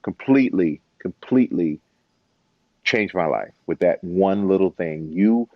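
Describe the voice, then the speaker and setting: A man guest in a casual interview, an animated storyteller who acts out the voices he quotes. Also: deep voice, measured pace, no echo, highs cut off. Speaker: interview guest, former football player and TV host.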